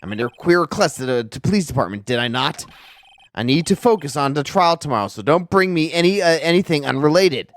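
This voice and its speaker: A man's voice: a little high, lively intonation, a little fast, natural voice. A man voicing a cold, haughty male prosecutor with a clipped, stern delivery.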